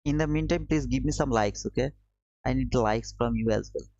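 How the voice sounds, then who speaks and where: A man's voice: mid-range voice, a little fast, darkish tone, no echo. Repetitive man teaching on a dull stream. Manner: repetitive, coaxing, addresses viewers as brother. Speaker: trading livestream host. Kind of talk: live-stream trading lesson. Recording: dull dry lo-fi stream audio.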